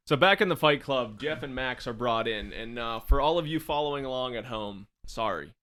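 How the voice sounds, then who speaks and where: A man's voice: medium pitch, animated, normal speed, pushed and bright. A man hosting a casual podcast chat, joking and laughing often as he recaps an episode. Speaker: podcast host.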